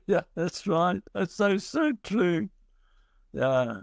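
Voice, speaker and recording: Brief: lively male guest, fairly high voice, dry close sound. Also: drawn-out words, vocal fry, dry recording. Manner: animated, laughs often, swears casually. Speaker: guest scientist. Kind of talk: casual conversation.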